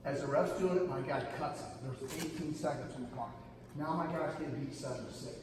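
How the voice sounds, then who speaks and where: This middle-aged wrestling coach speaks fairly quickly as he recounts a camp story, lively and forceful, with "guys" popping up constantly. His somewhat high voice carries through a big, echoing gym, picked up by a distant camera over a steady bed of room noise.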